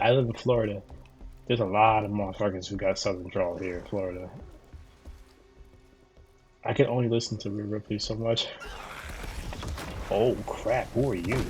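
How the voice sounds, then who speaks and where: With a lowish, fairly even voice that's a little mellow, this streamer from Florida talks at a moderate pace with long pauses as he plays a video game. Soft music sits in the background while he rambles profanely, restarts sentences, uses fillers, and replies to viewers' chat.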